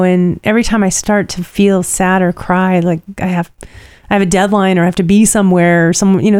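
A woman's voice: fairly low pitch, darkish tone, dry recording. A middle-aged woman, tired, co-hosting a casual chat and telling a rambling personal story. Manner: rambling and chatty, many fillers.

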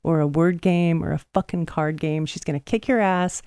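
A woman's voice: low voice, normal speed, clean tone, dry recording, clean studio sound. A woman hosting a podcast, telling a story in casual chat, swearing often and acting out what people said. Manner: profane, animated, acts out quotes. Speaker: podcast host.

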